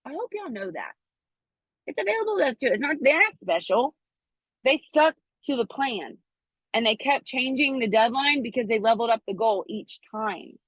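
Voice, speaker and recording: Woman, high-ish voice, dry muffled recording, chatty motivational team talk. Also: normal speed, breathy edge, no room sound. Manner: chatty, animated, acts out quoted dialogue. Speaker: network marketing team leader speaking to her team.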